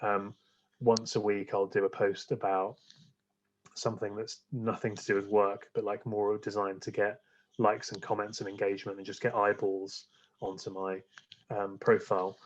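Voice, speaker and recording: Guy on a podcast with a lowish voice, lots of ums and restarts, muffled lo-fi sound. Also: little pitch movement, moderate pace, a little hiss or hum. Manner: rambling, many fillers and restarts. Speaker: podcast guest. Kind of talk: casual interview chat.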